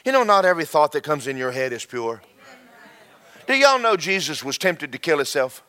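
A man preaching a sermon, folksy and animated, repeating himself and breaking into shouted asides. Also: fairly high pitch, moderate pace. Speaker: pastor.

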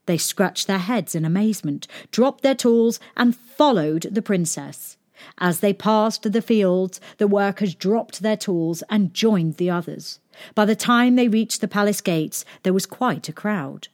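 A woman reads a children's chapter book aloud, gentle and expressive. Her voice sits at an everyday middle pitch and moves with the story. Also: measured pace.

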